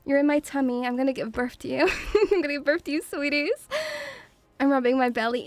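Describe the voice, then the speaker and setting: A woman with a high, fairly quick voice streams as a VTuber for her debut, chatting in a playful, doting, rambling manner. She's in a room at home, near pubs.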